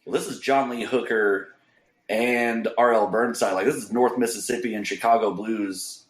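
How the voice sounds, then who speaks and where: A man's voice: lowish voice, fairly even intonation, moderate pace, roomy sound. A man from Kansas, a musician guest on a video call, chatting enthusiastically with a self-deprecating manner. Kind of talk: casual interview chat.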